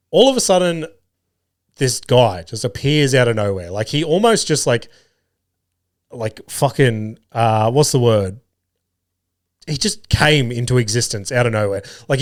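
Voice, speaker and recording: A young Australian man hosting a podcast, telling a casual story with lots of swearing and acted-out dialogue. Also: medium pitch. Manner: animated, swears freely, acts out quoted dialogue. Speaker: podcast host.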